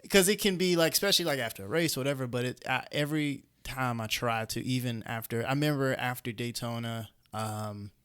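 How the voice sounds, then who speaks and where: A man's voice: medium pitch, a little fast, hardly any pauses, fairly bright tone, smooth, no room sound, clean studio sound. A man hosting a casual chat, a pit crew member talking in a rambling way full of fillers. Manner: rambling, filler-heavy talk. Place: race shop.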